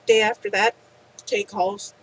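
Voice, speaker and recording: A woman reading fan fiction aloud as a storyteller, unhurried. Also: medium pitch, level tone, a little hiss or hum, low-quality recording.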